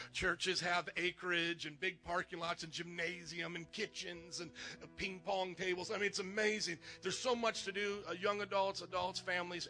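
A man making lively, joking announcements from the pulpit of a church, calling out to the congregation. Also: sits high. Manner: animated, joking, calls out to the congregation. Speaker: pastor. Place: church sanctuary.

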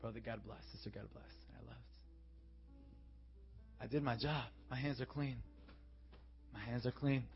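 A young man preaching as a youth pastor, calling for amens and swinging from quiet, intimate talk to shouted declarations. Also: medium pitch, moderate pace, long pauses. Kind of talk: sermon. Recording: dull, muffled sound with faint music.

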